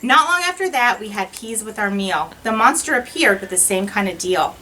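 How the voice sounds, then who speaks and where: Lively, bright-voiced woman reading a story aloud. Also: medium pitch, normal speed, distant mic, slight background noise, low-quality recording. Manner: expressive, sing-song rhyming delivery. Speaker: teacher. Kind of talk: reading a rhyming picture book aloud.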